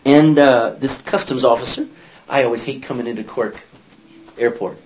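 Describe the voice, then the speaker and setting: A man's voice: mid-range voice, normal speed, a little mellow, a little hiss or hum, poor audio. A man teaching a Bible study, asking his listeners questions and acting out scripture quotes in character voices.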